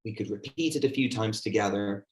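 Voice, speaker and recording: A man's voice: fairly low pitch, a little fast. A man running an online teaching workshop, chatty and full of fillers, acting out how he talks to a class. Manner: chatty, filler-heavy, demonstrates classroom talk. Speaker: teacher trainer.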